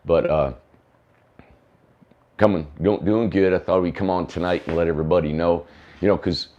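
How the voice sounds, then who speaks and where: Hoarse deep-voiced man. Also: steady tone, normal speed, muffled recording. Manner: rambling, with many fillers. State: hoarse from a sore throat. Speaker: host of a tiny homes livestream. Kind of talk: casual livestream chat.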